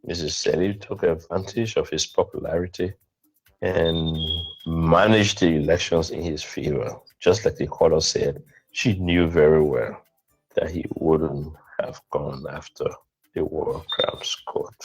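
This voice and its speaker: A man with a low voice delivers blunt, scathing political commentary on a radio talk show. His tone is cutting and insistent. Faint music sits behind him. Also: fairly even intonation, measured pace, husky, highs cut off.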